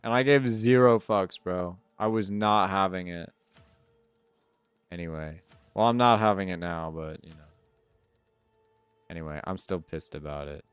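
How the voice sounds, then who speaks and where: A man's voice: deep voice, measured pace, long pauses, clean tone, dry recording, soft background music. A male live streamer chatting casually with his viewers, swearing freely and drifting off topic. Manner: swearing, animated, easily sidetracked. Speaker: live streamer answering chat.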